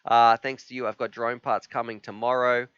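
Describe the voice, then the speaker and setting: A man hosting a live stream, chatting casually and reading chat messages aloud, sometimes halting with emotion. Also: medium pitch, level tone, fairly bright tone, clean tone, dry recording. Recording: slightly dull, dry sound.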